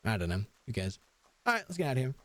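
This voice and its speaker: A man's voice: medium pitch, sing-song, racing, a bit bright, no echo. A young man streaming a video game, chatting casually and joking, humming and singing along to the music. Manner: rambling, jokey, hums and sings along to music. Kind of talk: casual gaming livestream chat.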